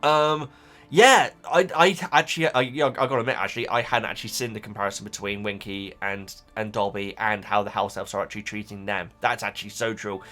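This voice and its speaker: A man's voice: fairly low pitch, fairly even intonation, brisk, bright, forceful tone, soft background music. A man hosting a casual reading reaction, rambling aloud and stumbling over repeated words as he thinks. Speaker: YouTube reaction host reading a book.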